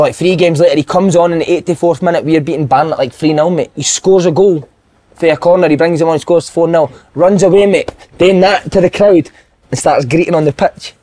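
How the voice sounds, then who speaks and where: Swearing man telling football stories. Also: a little high. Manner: swearing, animated anecdote-telling with put-on voices. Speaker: podcast co-host and former footballer. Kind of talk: casual storytelling on a football podcast.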